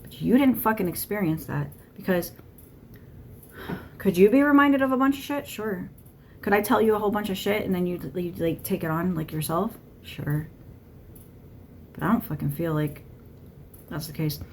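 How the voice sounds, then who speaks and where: A woman's voice: fairly low pitch, fairly even intonation, moderate pace, a little mellow, slight background noise. A woman giving a channeled monologue to camera, blunt and irritated, swearing constantly. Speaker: tarot channeler.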